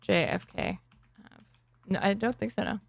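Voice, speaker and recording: A woman's voice: mid-range voice, very animated, normal speed, vocal fry. A woman chatting casually and teasingly while reacting to clips. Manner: teasing, dry. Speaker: stream host.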